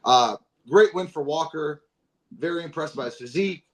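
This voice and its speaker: On a fight recap podcast, a male co-host with a fairly high voice talks at a moderate pace in casual chat. He swears freely and jumps in with emphatic points.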